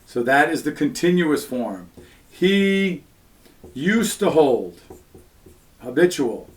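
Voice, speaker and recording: A man teaching a recorded Latin lesson, walking through each point slowly and patiently. His voice sits a little higher than most men's. He often pauses on "all right" and "um" before moving on. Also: sing-song. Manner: patient step-by-step explaining, frequent "all right" and "um".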